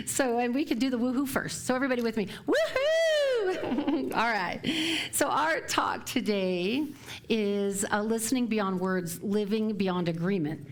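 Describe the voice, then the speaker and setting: A middle-aged woman minister speaking to her congregation in a relaxed, conversational sermon. She chats her way through family stories and often laughs along the way. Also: mid-range voice, normal speed, a little hiss or hum. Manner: chatty and warm, laughing often while telling stories. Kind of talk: sermon talk. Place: church sanctuary before a live congregation.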